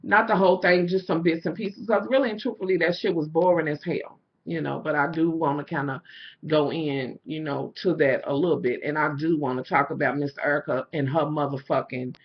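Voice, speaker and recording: A woman's voice: low-pitched, fairly even intonation, fairly quick, breathy edge, muffled recording. A middle-aged woman vlogging, ranting candidly to her viewers, swearing freely and saying "you know" often. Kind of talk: casual rant to viewers.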